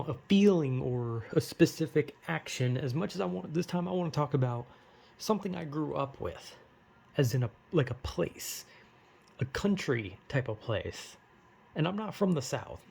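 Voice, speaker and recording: A man's voice: fairly high pitch, gravelly, mellow. A young man with a general American accent, rambling casually and self-deprecatingly in a monologue vlog. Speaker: vlogger.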